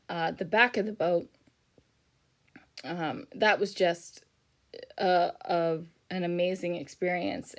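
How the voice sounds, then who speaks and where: A middle-aged woman talks through a craft video in a relaxed, rambling voiceover, her voice sitting a little low. She sounds worn out, yawning between thoughts and filling pauses with frequent ums. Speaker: scrapbooking YouTuber. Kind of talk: casual voiceover chat.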